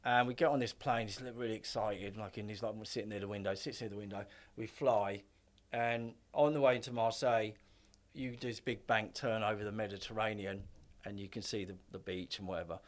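A man's voice: on the low side, steady tone, fairly quick. A middle-aged man telling stories as a podcast guest, rambling with lots of filler words and casual swearing. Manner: rambling, heavy filler use, swears freely. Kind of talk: casual storytelling chat.

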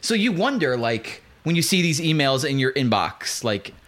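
A man's voice: medium pitch, big pitch swings, moderate pace, a bit bright. A man co-hosting a podcast, telling a wry anecdote in casual chat. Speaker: podcast co-host.

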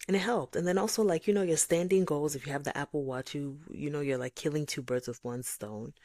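Woman from nigeria doing a faith podcast, low voice, acts out little voices, dry room. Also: fairly quick, no room sound. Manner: animated, acts out voices of God and others. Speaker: podcast host. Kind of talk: faith-based reflective monologue.

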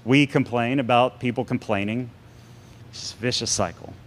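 A man preaching a sermon to a congregation, animated and sarcastic, with big swings in pitch. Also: normal speed. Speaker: pastor.

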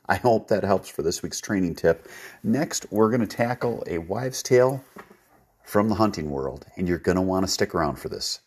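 Deep-voiced man giving dog-training tips. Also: darkish tone, slightly rough. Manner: practical, instructive, folksy. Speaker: podcast host, dog trainer. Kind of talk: training tip segment.

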